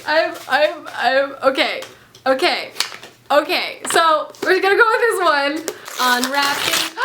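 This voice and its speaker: Giddy high-voiced woman vlogger. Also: animated, normal speed, noisy background. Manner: gushing, breathless and giggly, stumbling over names. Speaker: book vlogger. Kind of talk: excited unboxing vlog. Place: home, indoors.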